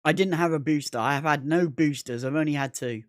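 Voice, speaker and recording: A man's voice: a little high, fairly quick, no room sound, studio quality. A man chatting casually on a gaming livestream, rambling, repeating himself and swearing constantly. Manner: rambling, repetitive, heavy swearing.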